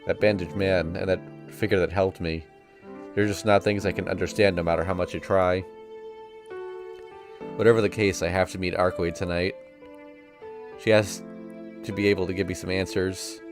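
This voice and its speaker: A man's voice: low voice, flat delivery, normal speed, long pauses, faint music behind. A man reading a visual novel aloud on stream, narrating casually in the first person. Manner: casual first-person narration that voices sound effects playfully.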